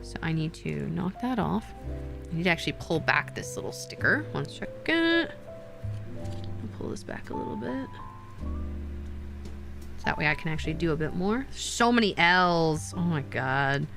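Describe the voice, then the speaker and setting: A young woman streaming while doing a craft, chatting casually with her viewers and getting excited easily. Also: low voice, moderate pace, creaky, pauses often, music in the background.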